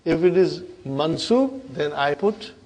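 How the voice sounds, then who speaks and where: A man's voice: fairly high pitch, lively intonation, slow, a little mellow. A middle-aged man teaching an Arabic grammar class, drilling forms and often checking whether the students follow. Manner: prompting students with "huh?".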